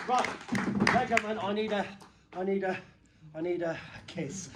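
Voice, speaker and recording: A middle-aged man performing a comedy magic act, bantering playfully with the crowd and breaking into sudden loud bursts. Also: high-pitched, brisk, noisy background.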